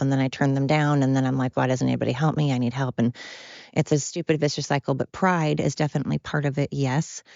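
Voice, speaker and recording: Woman podcast host, low voice, blunt rambling monologue, dull dry recording. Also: a little mellow, no room sound. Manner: rambling, blunt and self-deprecating. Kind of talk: candid monologue.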